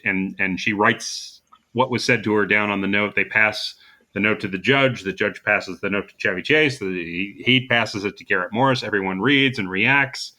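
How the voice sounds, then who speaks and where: A man's voice: lowish voice, moderate pace, sharp tone. A man co-hosting a casual podcast, chatting with plenty of fillers and easy laughs. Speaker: podcast co-host.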